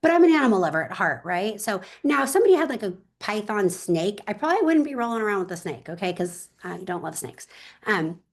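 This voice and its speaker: A woman real estate agent tells stories in an interview with lively, emphatic energy. She talks straight to her listeners. Her voice sits at a middle pitch. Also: quick pace.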